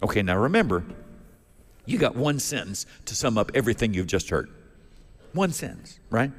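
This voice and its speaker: Animated preacher telling a story in church. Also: male voice, mid-range voice, normal speed, slightly rough, faint music behind. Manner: folksy storytelling, acts out characters. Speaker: pastor. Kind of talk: sermon. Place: church sanctuary. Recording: long church reverb.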